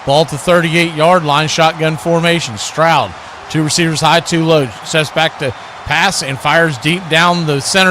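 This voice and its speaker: A man calling live football play-by-play, brisk and quick to jump up on big plays. His voice is bright and a bit higher than most men's, with a faint hiss of noise under it from a home streaming mic. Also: steady tone. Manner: brisk, calls plays as they happen, rises sharply on big plays. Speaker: play-by-play announcer.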